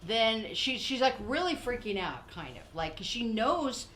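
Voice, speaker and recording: An older woman with a slightly high voice takes her time in a casual podcast conversation that she hosts. She animatedly reenacts people's words and laughs frequently, and slight background noise can be heard.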